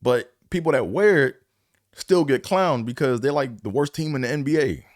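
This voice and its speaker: A man's voice: mid-range voice, normal speed, no room sound, studio quality. A man hosting his own podcast, talking casually and rambling in slangy bursts, often repeating himself. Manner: slangy and conversational. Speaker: podcast host. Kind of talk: casual solo podcast talk.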